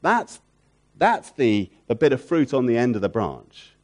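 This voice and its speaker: A male preacher whose sermon voice rises and falls in a wide, animated melody. He leans on repetition and rhetorical questions. His delivery climbs to loud, emphatic peaks and then drops to near-hushed lines. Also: medium pitch, unhurried. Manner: repeats phrases for emphasis, asks rhetorical questions.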